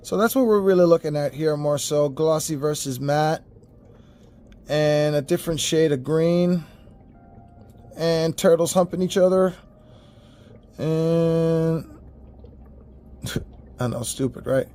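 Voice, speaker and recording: Man, slightly high voice, casual toy review, animated, profane, exasperated, talks to viewers. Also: slow pace, pauses often.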